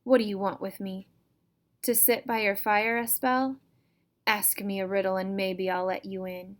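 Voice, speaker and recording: A cruel old backwoods auntie, as a woman reads her aloud barks in a shrill, harsh voice. Her pitch stays flat and narrow as she taunts and bosses in rough rural speech. It is a storybook read-aloud. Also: a little slow, natural voice. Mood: taunting. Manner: folksy rural grammar, bossy and taunting.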